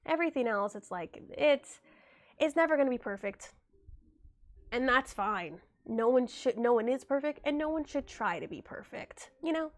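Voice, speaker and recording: A woman's voice: high voice, animated, moderate pace. Chatty young woman getting over a cold. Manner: chatty, reads and answers chat aloud. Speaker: livestreamer. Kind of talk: casual livestream chat.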